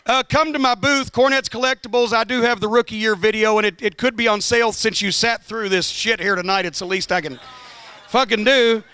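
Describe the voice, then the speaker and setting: A man giving a profane, sardonic roast speech, telling a comic road story with building excitement. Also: high-pitched, a little fast, smooth, dry recording. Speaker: roast guest of honor.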